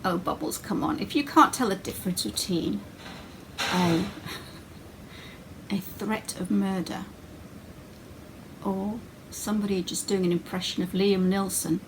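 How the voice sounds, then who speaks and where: A woman's voice: mid-range voice, slight background noise, low-quality recording. A woman talking in a sarcastic, mocking way as she answers her critics in a casual video.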